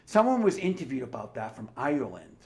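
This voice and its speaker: A man's voice: mid-range voice, very animated, a little fast, creaky, darkish tone. A man giving a heated, combative livestream monologue, full of swearing and sarcastic asides. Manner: profane, combative ranting. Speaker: livestream commentator.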